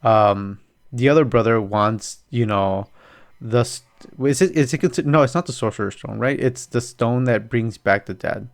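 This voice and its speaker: A man hosting a casual podcast chat, telling stories in an animated way and swearing freely. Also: mid-range voice, normal speed, vocal fry. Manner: profane, animated storyteller. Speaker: podcast host.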